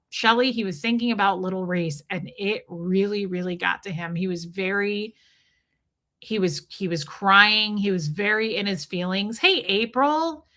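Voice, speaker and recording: Middle-aged woman, livestream host, bright tone, chatty and heartfelt, breaks off to greet viewers. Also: mid-range voice. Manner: chatty and emotional, greets viewers by name mid-story. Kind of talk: casual livestream chat.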